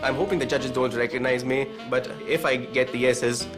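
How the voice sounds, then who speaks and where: A man's voice: mid-range voice, steady tone, moderate pace, music in the background. A man from England, cheeky and playful, talking about his audition on a talent show. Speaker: auditioning singer.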